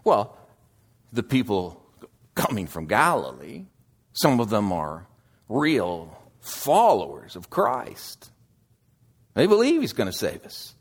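A man preaching a sermon, slow and deliberate, swinging between loud emphasis and hushed asides. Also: on the low side, huge pitch swings, slightly rough.

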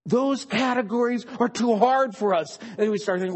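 A man preaching a sermon, swinging between hushed, drawn-out phrases and sudden emphatic bursts. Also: sits high, big pitch swings, breathy edge.

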